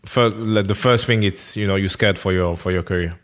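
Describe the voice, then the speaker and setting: Hesitant man, lowish voice. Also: a little fast. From France. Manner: hesitant, searching for words with many restarts. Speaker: interview guest, former footballer. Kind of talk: casual conversational interview.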